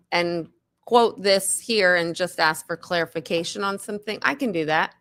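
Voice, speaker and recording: Hesitant woman thinking out loud. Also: medium pitch, a little slow, smooth. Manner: thinking aloud, hesitant restarts. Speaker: co-host. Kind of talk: casual livestream chat.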